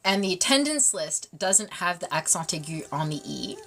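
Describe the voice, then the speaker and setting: A woman's voice: lowish voice, sing-song, moderate pace, a bit bright. A woman hosting a casual livestream, bubbly and giggly, slipping between English and French as she answers chat. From Canada. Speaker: livestream host reading chat.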